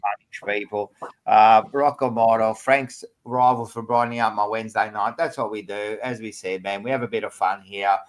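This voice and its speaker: A man hosting a sports podcast panel, teasing his co-hosts in lively banter. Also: moderate pace. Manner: teasing, excitable, rising pitch when ribbing others.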